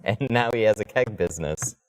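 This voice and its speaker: A man with a fairly low, brisk voice chats loosely into a headset while tinting a window on a live stream. He swears now and then when something goes wrong, keeping up casual work talk throughout.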